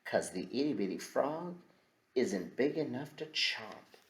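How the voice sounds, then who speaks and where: A man's voice: medium pitch, animated, measured pace, echoey room, voice pushed up. A man doing a smug teasing gator. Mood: gloating. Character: big smug male alligator, teasing.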